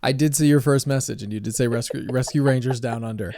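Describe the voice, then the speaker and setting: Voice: mid-range voice, quick pace, dry recording. A podcast co-host in casual chat, joking around and reading the show's intro. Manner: joking, animated.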